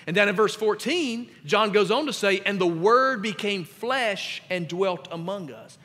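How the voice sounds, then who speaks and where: A man preaching a sermon as pastor, with emphatic delivery that grows louder on scripture readings. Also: sits high, normal speed, few pauses, big-room sound. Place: church sanctuary.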